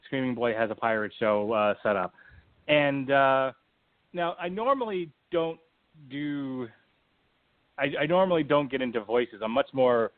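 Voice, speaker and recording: A man's voice: medium pitch, dry recording. A man hosting a film review podcast, speaking in a wry, explanatory way with many fillers. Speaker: podcast host. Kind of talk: casual review chat. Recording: tinny phone-like line, dry.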